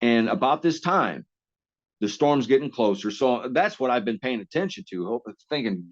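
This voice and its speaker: Male guest, rambling storyteller with a salty tongue, mid-pitched, on a dull lo-fi recording. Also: sing-song, moderate pace. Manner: rambling, lots of restarts and salty language. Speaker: interview guest. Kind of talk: casual storytelling.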